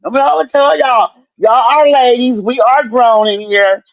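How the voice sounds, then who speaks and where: A woman on a video call, telling stories in a casual chat, animated and laughing with lots of swearing. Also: fairly high pitch, normal speed, no room sound. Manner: animated, laughing, profane storyteller. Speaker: guest recovering at home. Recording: dull lo-fi dry sound.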